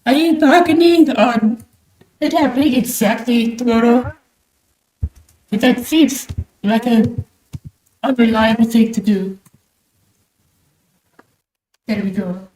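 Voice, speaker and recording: A young woman from Australia chats with her livestream as she draws, keeping up a high, theatrical bird-persona voice. Her throat sounds sore and strained from pushing it. The desk mic is turned up loud in a small room at home that gives her voice a roomy echo. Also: a little slow, long pauses, slight background noise. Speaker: streamer. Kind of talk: livestream chat while drawing. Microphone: desk mic with high gain.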